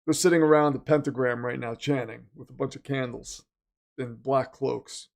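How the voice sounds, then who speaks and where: A man's voice: mid-range voice, fairly even intonation, normal speed, gravelly, a little mellow. A man hosting a casual live-stream watch party, reading the chat and joking sarcastically that he is the villain. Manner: chatty, sarcastic, jokingly self-styled villain.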